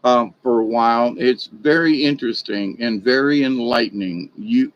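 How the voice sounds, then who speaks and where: A man's voice: mid-range voice, moderate pace, dull audio. A man talking in a casual, rambling vlog monologue, folksy and chatty. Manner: folksy, chatty, animated in retold exchanges. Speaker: vlogger.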